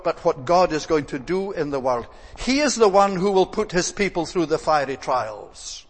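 Man, preacher, sermon, emphatic repetition, somewhat high-pitched, long echo.

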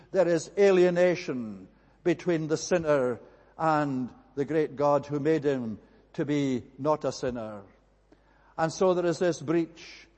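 A man delivers a sermon with slow, deliberate phrasing and emphatic repetition. His voice sits slightly high for a man. It rings out with a long reverb from the church hall around him. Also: darkish tone. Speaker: preacher.

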